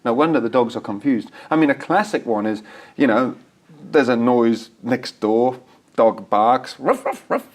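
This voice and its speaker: A man talking as a guest in a TV studio interview, animated and acting out examples as he explains. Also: mid-range voice, a little slow. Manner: animated, acts out voices and examples. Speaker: dog behaviour expert guest.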